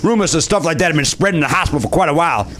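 A podcast co-host reading a fan's letter aloud in a put-on Cajun accent, halting now and then. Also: male voice, a little high, expressive, a bit bright, a little hiss or hum, pitched above the performer's own voice.

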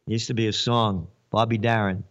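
A man's voice: on the low side, steady tone, normal speed, a bit bright. A man hosting a commentary show, ranting sarcastically with mocking asides and wordplay. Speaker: host.

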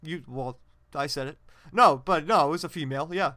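A man's voice: a little high, a little fast, bright, forceful tone, no echo, clean studio sound. A man playing a dim, boastful guy who insists he is a ghost, rambling on without noticing anyone's doubts. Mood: oblivious. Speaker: podcast co-host in character.

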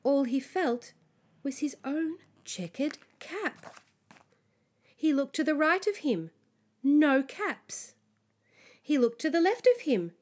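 A woman reading a children's story aloud, slowly and expressively, dropping to a hush at times. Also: high voice. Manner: slow, expressive, sometimes hushed.

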